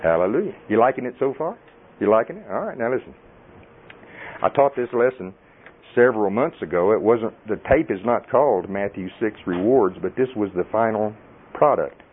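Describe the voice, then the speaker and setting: A middle-aged man, preaching a folksy, animated sermon and laughing often. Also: fairly low pitch, moderate pace, slight background noise. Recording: tinny phone-like audio.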